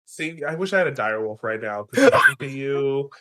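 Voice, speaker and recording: A man hosting a podcast, recapping a book in animated, playful casual chat. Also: mid-range voice, fairly quick. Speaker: podcast host.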